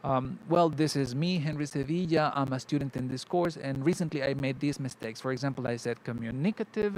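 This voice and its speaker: A man's voice: mid-range voice, slight background noise, poor audio. A man, an English teacher, explaining a pronunciation teaching method in an interview, thoughtful and restarting often as he models words.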